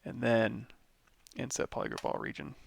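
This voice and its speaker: Tired, gravelly man with heavy fry. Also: mid-range voice, animated, normal speed, dry recording. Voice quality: vocal fry. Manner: rambling, thinks aloud while clicking through menus. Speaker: 3D modeling instructor. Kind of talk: live software tutorial.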